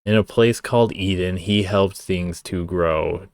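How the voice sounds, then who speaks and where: A man's voice: low voice, unhurried, dry recording, clean studio sound. A young man giving casual stream commentary, sarcastic and profane, wandering off into rambling asides. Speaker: streamer reacting to a song.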